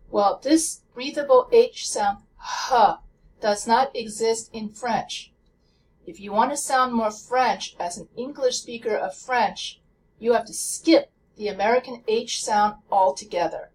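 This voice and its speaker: A woman talks through a pronunciation lesson at a very unhurried, deliberate pace, repeating example words with care. Her voice sits in a middle register. The mic is a little far off, and a faint hum of room noise sits underneath. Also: mid-range voice. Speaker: language teacher.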